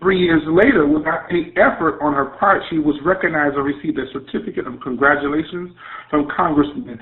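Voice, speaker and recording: A man's voice: fairly high pitch, fairly quick. A man with a Southern US accent hosting an online radio interview, introducing his guest with playful, effusive hype and folksy slang. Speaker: radio show host. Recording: tinny phone-line audio.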